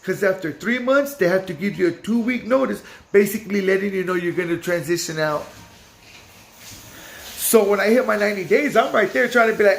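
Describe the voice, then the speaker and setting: A loud young man, casually telling his own story in street slang and acting out what people said. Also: high voice, a little fast, creaky, slight background noise.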